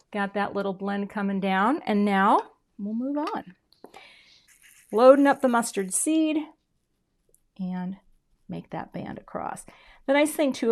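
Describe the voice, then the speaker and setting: A middle-aged woman talks through a crafting demo in a casual, chatty way, poking fun at herself. She often trails off into quiet murmurs while she works. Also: mid-range voice. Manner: chatty, self-deprecating, drops to soft murmurs while working. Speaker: craft video host.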